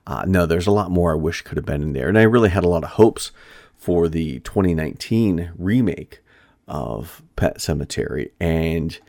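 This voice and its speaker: A man hosting a podcast, talking casually in a rambling monologue with frequent pauses and restarts. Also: sits low, darkish tone, no echo, clean studio sound. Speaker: shop owner and podcast host.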